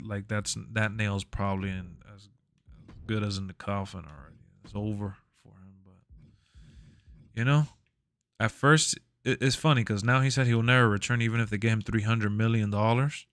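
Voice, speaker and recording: A man streaming live, chatting casually in a relaxed, rambling, slangy way into a close mic. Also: on the low side, no room sound.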